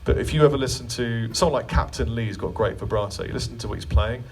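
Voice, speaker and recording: A fast-talking man with a mid-range, slightly rough voice runs a live guitar clinic at a music store. Sounding distant from the mic, he fields questions with chatty, joking stories.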